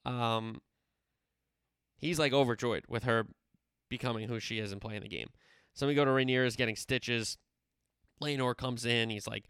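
A man's voice: mid-range voice, sharp tone, clean tone, no room sound, clean studio sound. A man casually recapping a TV episode in a chatty way, full of fillers, paraphrasing what the characters say. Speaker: show recapper.

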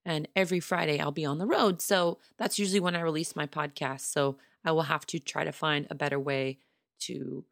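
A woman hosting her own podcast in a casual solo monologue, chatty and enthusiastic, talking straight to her listeners, her voice a little hoarse. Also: low-pitched, fairly even intonation, fairly quick, fairly bright tone, dry recording, studio quality. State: slightly hoarse. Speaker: podcast host. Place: small home studio.

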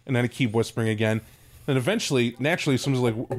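A man's voice: medium pitch, quick pace. A man co-hosting a podcast, telling a funny anecdote in casual chat, laughing and swearing. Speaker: podcast co-host.

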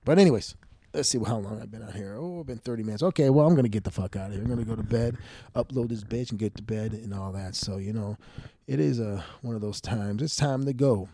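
A man's voice: on the low side, fast talker, warm tone, dry recording, clean studio sound. A man hosting a podcast, talking in a frank, profane, rambling casual monologue. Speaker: podcast host.

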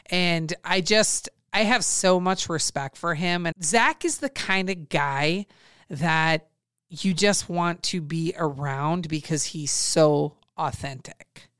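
A woman hosting a podcast, talking in an earnest, emphatic and measured way. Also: lowish voice, clear, resonant tone, no echo, studio quality. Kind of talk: casual chat.

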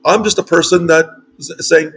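Chatty American male host, lively anecdotes with frequent restarts, faint hiss behind him. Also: fairly high pitch, normal speed. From United States. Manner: animated storytelling with frequent restarts. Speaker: show host and site publisher. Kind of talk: casual conversational interview. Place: home in northern Mexico.

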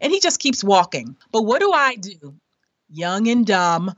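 Woman, middle-aged, podcast guest, animated storyteller, laughs often, dull lo-fi sound, dry. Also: medium pitch, a little slow, dry recording. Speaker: guest sharing a money story. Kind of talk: conversational storytelling interview.

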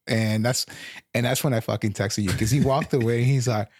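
A man in his thirties co-hosting a casual podcast chat, telling profane stories with animated retellings. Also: mid-range voice, fairly quick, dry recording, clean studio sound. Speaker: podcast co-host.

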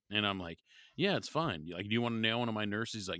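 Crude man with a sharp, bright voice. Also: fairly low pitch, lively intonation, fast talker, no room sound, studio quality. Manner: crude, laughing, profane. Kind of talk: casual chat.

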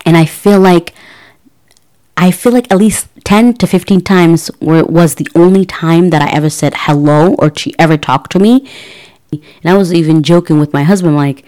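A woman's voice: lowish voice, normal speed, mellow. A woman in her thirties telling a personal story to her audience in a casual, chatty way, with many fillers and restarts. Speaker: podcast host.

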